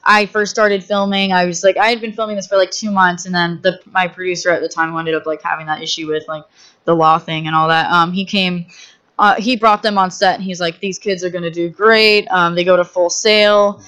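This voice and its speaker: A woman who directs films, a guest telling stories on a podcast in a lively way, acting out the people she quotes and using many fillers. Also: lowish voice, a little fast. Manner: animated, acts out quoted voices, many fillers. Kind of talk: casual storytelling.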